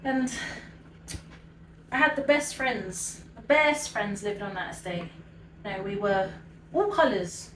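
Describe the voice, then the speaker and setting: A British woman in her thirties hosting a home cooking show, reminiscing in a relaxed, rambling way and laughing often. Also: mid-range voice, slow, pauses often, recorded from a distance, a little hiss or hum. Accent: British English. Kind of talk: chatty reminiscing while cooking. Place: home kitchen. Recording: echoey kitchen, mic set back.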